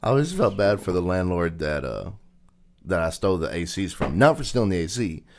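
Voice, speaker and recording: A man's voice: low-pitched, sing-song, fairly quick. A man co-hosting a podcast, chatting casually, teasing his friend and swearing as he acts out scenes. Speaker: podcast co-host. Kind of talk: casual chat.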